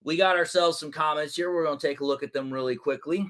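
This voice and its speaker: A male sports talk show host giving heated, animated commentary, often saying "it's like, dude". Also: on the high side, fairly quick, few pauses. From Detroit area.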